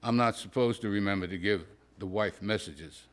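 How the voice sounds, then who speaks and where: Man at a poetry reading, dry deadpan storytelling, wry asides. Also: on the low side, normal speed. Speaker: poet reading his work. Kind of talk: reading a humorous prose story aloud.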